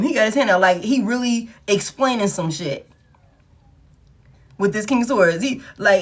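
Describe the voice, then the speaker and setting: A woman's voice: medium pitch, normal speed. A woman giving a casual tarot reading, talking bluntly with lots of swearing and frequent laughter. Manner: blunt, profane, animated, laughs often. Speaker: tarot reader.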